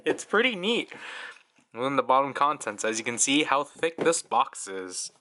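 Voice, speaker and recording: Young man, toy review, chatty and rambling, bright tone, mid pitch. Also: sing-song, moderate pace, slight background noise. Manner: chatty, frequent fillers and small laughs.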